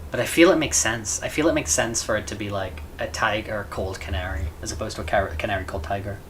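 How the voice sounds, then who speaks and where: A man's voice: fairly low pitch, fast, a bit bright, a little hiss or hum. A man chatting casually to viewers on a live stream, rambling and stammering with lots of repeated words. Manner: chats with viewers between game moments.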